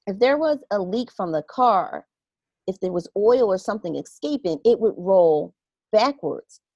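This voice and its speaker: A woman in casual conversation, earnestly recounting what she saw and acting out her own reactions with animated asides. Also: mid-range voice, a little slow, dry recording, highs cut off. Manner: earnest and reflective.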